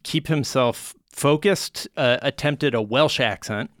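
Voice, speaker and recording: Smooth-voiced man hosting a chat. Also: mid-range voice, a bit bright, no room sound. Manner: explains at length with many filler pauses. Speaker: podcast host. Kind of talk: casual comedic chat.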